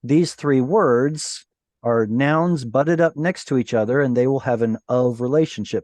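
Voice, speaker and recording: A man at middle pitch leads a Hebrew lesson over a video call. He explains patiently and slows down to sound out each Hebrew word. The sound is dry and close, with no room in it. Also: darkish tone, no room sound. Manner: patient, explanatory, pronounces Hebrew words slowly. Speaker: Hebrew teacher. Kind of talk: online class teaching.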